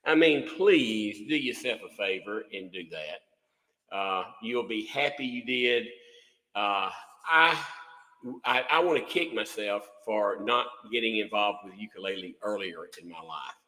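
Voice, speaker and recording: Folksy older man, bright tone. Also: lowish voice, animated, unhurried, echoey room, in a large hall, rough recording. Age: 60s. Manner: rambling, folksy, repeats words. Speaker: livestream host, music instructor. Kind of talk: casual livestream chat.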